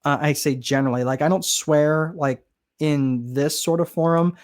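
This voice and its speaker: A man's voice: on the high side, steady tone, moderate pace. A middle-aged man explaining how to write a book in a casual, rambling way, full of fillers and restarts. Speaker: business author and course host. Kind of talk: casual teaching monologue.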